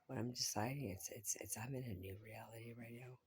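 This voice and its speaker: A woman's voice: extremely low pitch, fairly quick, darkish tone, a little hiss or hum. A woman vlogging in a rambling, profane monologue, often dropping to a whisper.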